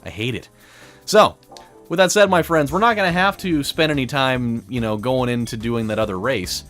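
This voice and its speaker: A man's voice: medium pitch, expressive, moderate pace, a bit bright. Guy chatting over his racing game, rambly, voice bouncing all over, bit of music under it. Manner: rambling, storytelling, frequent fillers. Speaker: let's play host. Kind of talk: casual gameplay commentary.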